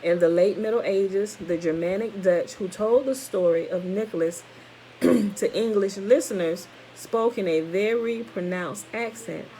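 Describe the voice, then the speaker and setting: A woman's voice: mid-range voice, measured pace, warm tone, slight background noise, rough recording. A woman reading a text aloud to listeners, stopping for casual asides and correcting her own stumbles. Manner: reads steadily, breaks off for informal comments to listeners; stumbles over words and corrects herself.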